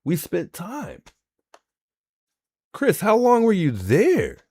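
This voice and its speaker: A man's voice: high-pitched, wildly swooping pitch, takes it slowly, a little mellow, slightly rough, no room sound, clean studio sound. A man hosting a livestream, reacting in casual commentary and repeating himself in disbelief. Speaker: livestream host.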